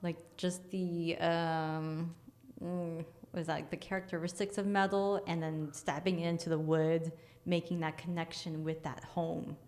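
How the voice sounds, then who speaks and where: A woman's voice: lowish voice, flat delivery, a little slow, darkish tone. A woman guest, an energy healer, telling a story casually, acting out scenes and laughing often.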